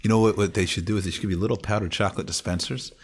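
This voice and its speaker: A man's voice: on the low side, steady tone, racing, slight background noise. A man co-hosting a podcast, telling joking stories in casual chat. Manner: joking, storytelling banter. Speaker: podcast co-host.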